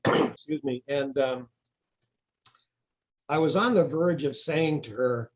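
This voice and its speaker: Man, author in an interview, mid-pitched voice, rambling storyteller, restarts sentences. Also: slow pace. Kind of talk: casual interview talk.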